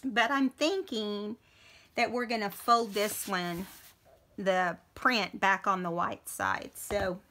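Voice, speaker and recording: Slow, chatty woman crafting. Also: medium pitch, pushed and bright, slight background noise. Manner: chatty, thinks aloud while working. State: keeps coughing and clearing throat. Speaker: crafting video host. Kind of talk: casual craft tutorial.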